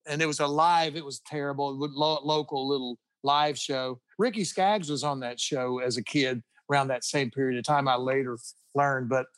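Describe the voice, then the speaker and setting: A man's voice: medium pitch, fairly even intonation, moderate pace, a bit bright, no room sound. A middle-aged man telling rambling anecdotes in a casual interview, full of restarts and chuckles. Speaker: guest guitarist.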